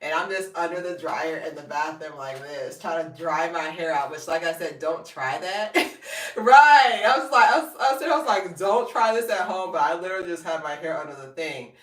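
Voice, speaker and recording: A woman, chatting live to viewers as a hair and fashion vlogger, telling animated stories and laughing often. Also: fairly quick, recorded from a distance. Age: 30s. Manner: animated storytelling, jumps high when quoting people. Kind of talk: casual live-stream chat. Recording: roomy, set back from the mic.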